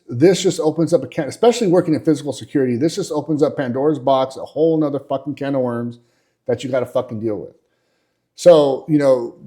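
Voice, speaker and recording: A man's voice: on the high side, dark tone. A man, hosting and telling workplace stories in a blunt, profane, casual monologue full of fillers. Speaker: podcast host.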